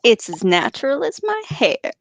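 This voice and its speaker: A woman's voice: wildly swooping pitch, normal speed, vocal fry, fairly bright tone, no echo. Dry-miked woman, joking podcast reader. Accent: Colorado. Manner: joking, reads narration in a lower solemn voice. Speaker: podcast co-host reading aloud. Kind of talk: casual chat and book read-aloud.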